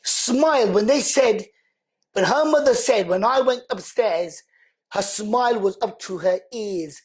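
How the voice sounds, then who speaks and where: A man, a podcast guest telling an emotional personal story in an animated, slangy way, repeating words for emphasis. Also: high-pitched, a little slow, breathy edge.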